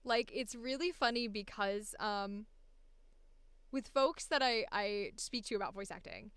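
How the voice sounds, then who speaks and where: A woman voice actor in a casual, animated chat about voice acting, laughing often as she talks. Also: mid-range voice, measured pace, clear, resonant tone, no echo.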